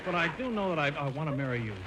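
A man's voice: a little high, animated, racing, lightly acted. A young man playing an awkward, lovesick suitor in a 1940s radio comedy, eager and stammering. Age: young adult. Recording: hissy old radio broadcast.

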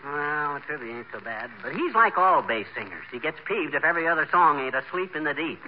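A man's voice: on the high side, expressive, a little fast, close to an everyday voice. Man playing a wisecracking small-town blowhard. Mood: brash. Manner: brash, wisecracking, folksy slang. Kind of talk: 1940s radio acting. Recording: old lo-fi radio broadcast with noise.

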